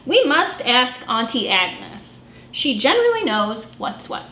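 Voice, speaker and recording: A woman's voice: a little high, very animated, unhurried, sharp tone, echoey room, full character voice. A woman voicing a fussy, worried male deer husband in a read-aloud storybook, with a proper, fretful manner. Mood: fretting.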